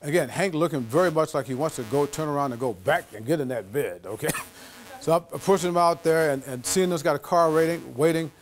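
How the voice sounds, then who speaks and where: A man giving a lecture as an animated storyteller, acting out the voices of the people in his anecdote. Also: on the high side, fairly quick. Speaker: guest lecturer.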